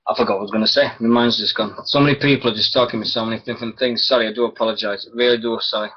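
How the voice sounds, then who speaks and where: A man's voice: lowish voice, fairly even intonation, very fast, breathy edge. A man hosting a wrestling radio show alone, rambling, chuckling and losing his thread. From Britain. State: sore throat. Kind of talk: rambling solo internet radio chat. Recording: dull lo-fi stream audio.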